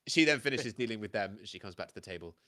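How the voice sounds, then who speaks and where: A man acting as game master, narrating a tabletop game in a relaxed, explanatory way. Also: on the low side, quick pace. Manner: relaxed, explanatory, full of fillers.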